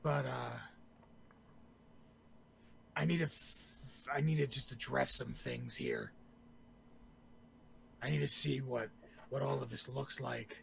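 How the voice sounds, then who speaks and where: Gravelly wasteland drifter, played by a man in a tabletop game; halting and wry. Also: mid-range voice, wildly swooping pitch, a bit bright, a little hiss or hum, exaggerated voice. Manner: hesitant, halting with fillers, then dry wisecracks. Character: gravelly, blunt male wasteland traveler. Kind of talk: tabletop role-play in character.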